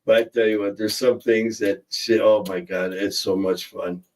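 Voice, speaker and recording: A man's voice: on the low side, fairly even intonation, moderate pace, a little mellow, far from the mic, low-quality recording. A man hosting a casual livestream, joking and rambling as he reads out viewer comments. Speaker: livestream host. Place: in a car.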